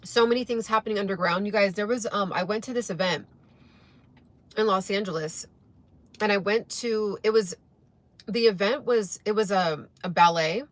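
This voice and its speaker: Speaking at a normal speed in a mid-range voice, this young woman chats casually to her viewers as she eats breakfast. The vlog recording is dry, and her talk to camera rambles along between bites.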